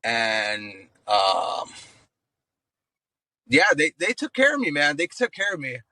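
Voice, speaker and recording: Bright, slangy man telling war stories. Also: a little high, takes it slowly, dry recording, rough recording. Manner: slangy, profane, says "bro" often; animated storyteller acting out voices. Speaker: guest, active-duty Marine staff sergeant. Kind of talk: casual podcast storytelling.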